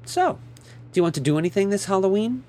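A man's voice: high-pitched, lively intonation, fast talker, mellow, voice pushed up. A man voicing a cool, stern and commanding woman as he reads a story aloud, giving clipped orders. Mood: teasing.

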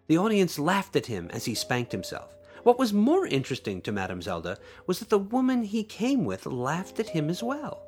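A man hosting a podcast, reading his own short story aloud in an expressive storytelling way, with playful asides to listeners. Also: high voice, normal speed, few pauses, faint music behind. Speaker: podcast host and author.

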